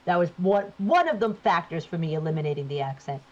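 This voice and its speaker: A woman's voice: fairly low pitch, lively intonation, fast talker, a crowd in the background. A woman from New Jersey, a voice actor guest chatting casually while gaming and shifting where her voice sits as she talks. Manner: chatty, shifts voice placement to demonstrate. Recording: dull lo-fi sound.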